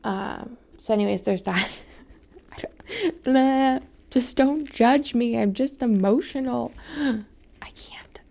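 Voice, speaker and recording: A woman's voice: fairly high pitch, slow, vocal fry, a little mellow. A young woman chatting casually and rambling while she decorates her planner, with many fillers and drops into a whisper now and then. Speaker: planner vlogger.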